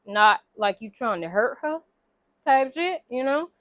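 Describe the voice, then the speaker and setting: A woman's voice: high voice, expressive, unhurried, dry recording. A woman doing a blunt, cursing therapist. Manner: blunt, profane.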